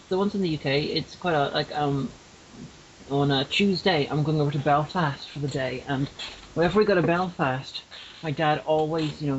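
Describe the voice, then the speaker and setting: A man from Northern Ireland co-hosting a podcast in casual chat, hesitant and halting as he talks. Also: mid-range voice. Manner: hesitant, many fillers and restarts. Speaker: podcast co-host. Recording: lo-fi with faint hiss.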